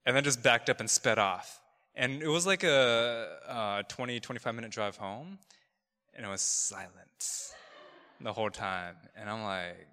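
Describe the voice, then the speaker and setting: A man's voice: fairly low pitch, measured pace, long pauses, pushed and bright. A man preaching a casual storytelling sermon, chatty and loose, with lots of fillers and restarts. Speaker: pastor. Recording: long reverb of a large hall.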